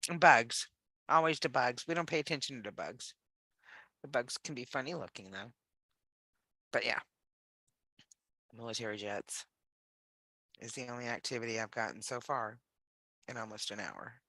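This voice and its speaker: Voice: mid-range voice, moderate pace, long pauses, sharp tone, dry recording. A livestream host talking casually with viewers and a guest, chatty and laughing often, trailing off into fillers.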